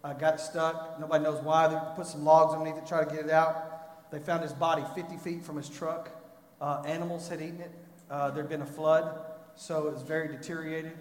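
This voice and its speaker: A man preaching a sermon, telling a story and rising to loud, impassioned pleading. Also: fairly high pitch, level tone, brisk. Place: church. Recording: echoey hall.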